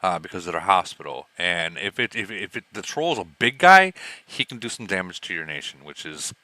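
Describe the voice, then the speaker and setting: Brief: deep-voiced man, lively swinging pitch, bright forceful tone, laid-back chatty voice-chat guy. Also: fairly quick, no echo. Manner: laughs easily, loose and chatty, trails off mid-sentence. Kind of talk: casual group voice chat.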